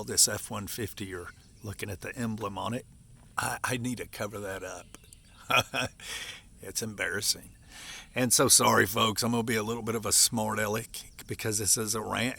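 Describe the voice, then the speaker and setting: A man in his fifties from Appalachia, ranting to the camera as a vlogger in an aggravated, folksy, repetitive way with sudden high exclamations. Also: creaky, sharp tone, husky.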